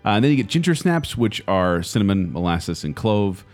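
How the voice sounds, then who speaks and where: A man's voice: on the low side, moderate pace. A man co-hosting a podcast in casual chat, laughing often as he talks. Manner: laughs often, chatty and animated. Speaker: podcast co-host.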